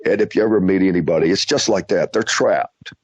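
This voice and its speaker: A male radio show host telling stories in a casual interview, animated, with halting restarts and acted-out quotes. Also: deep voice, slightly rough, no echo. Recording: dull lo-fi radio audio.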